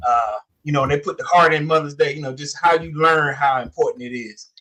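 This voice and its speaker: A man in his forties telling a story in casual chat, animated, acting out the quotes with many fillers. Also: on the high side, a little fast. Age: 40s. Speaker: podcast co-host.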